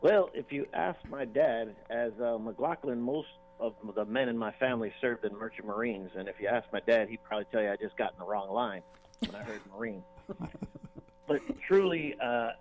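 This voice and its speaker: A man's voice: medium pitch, expressive, normal speed, gravelly. A man calling in to a radio interview, speaking in an easygoing, self-mocking way. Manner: easygoing, laughs at himself. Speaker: guest. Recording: tinny phone line with faint hiss and hum.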